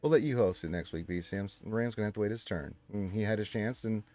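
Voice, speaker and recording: A man's voice: fast, faint music behind. Chatty man reading a livestream chat. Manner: reads chat aloud with lively swings in pitch and loudness. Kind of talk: casual chat.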